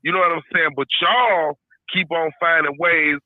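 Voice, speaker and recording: A man's voice: fairly high pitch, steady tone, moderate pace, dry recording. A man calling in from a parked car, venting heatedly in casual chat and swearing, often saying "you know what I'm saying.". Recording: tinny phone-like line.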